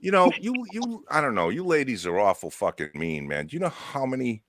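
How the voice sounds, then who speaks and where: A man's voice: mid-range voice, sing-song, a little fast, a crowd in the background. A man co-hosting a podcast, joking crudely and sarcastically with mock outrage. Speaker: podcast co-host. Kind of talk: crude joking pub banter.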